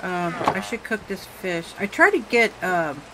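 A woman's voice: on the low side, big pitch swings, a little slow, background noise. A woman hosting a horror game let's-play, jumpy and full of exclamations, talking straight to her viewers. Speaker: gaming channel host.

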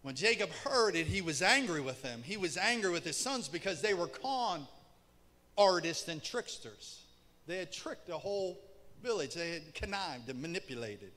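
A male pastor preaching a sermon, shouting for emphasis and then dropping very quiet, recorded in an echoey church hall. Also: fairly high pitch, very animated, moderate pace. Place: church sanctuary.

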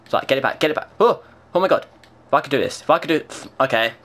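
A young man giving excitable, swearing live commentary on his own gameplay, talking to himself as he plays. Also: medium pitch, very fast. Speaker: gaming video creator.

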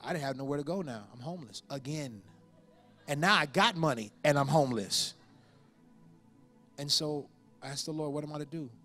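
A pastor in his forties delivering a sermon, telling a personal story with lively impressions of the people in it. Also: a little high, moderate pace, long pauses, faint music behind. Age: 40s. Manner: storytelling with animated impressions and laughter.

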